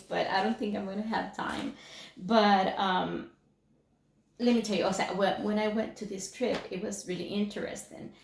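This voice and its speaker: A woman's voice: medium pitch, creaky, a little hiss or hum. Middle-aged woman, echoey room. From Mexico. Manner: rambling, many fillers and restarts. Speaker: class speaker. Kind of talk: personal story talk.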